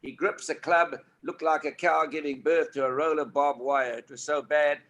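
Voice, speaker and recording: Older south african guy telling stories, bright forceful voice, emphatic and a bit preachy. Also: a little high, moderate pace. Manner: animated anecdotes, emphatic and preachy. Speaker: guest. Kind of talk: storytelling on a talk panel.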